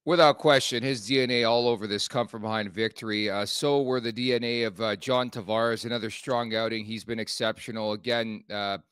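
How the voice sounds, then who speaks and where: A man co-hosting a hockey podcast, recapping the game in an analytical, measured way with "uh" fillers. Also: lowish voice, steady tone, fairly bright tone, clean tone, no room sound. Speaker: co-host.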